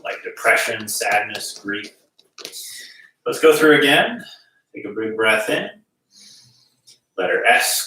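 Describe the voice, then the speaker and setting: A man leads a gentle qigong session, calmly talking students through each breath and movement. His fairly low voice is recorded from a distance and rings through a very echoey room. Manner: calm, gently guiding with breath cues. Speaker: qigong instructor. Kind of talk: guided movement class.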